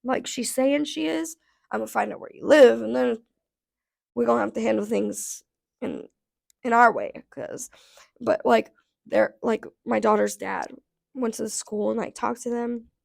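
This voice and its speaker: A woman in her thirties telling a casual storytime rant, blunt and profane, her voice going hoarse, with lots of "like" fillers. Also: on the high side, measured pace, pauses often. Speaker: vlogger.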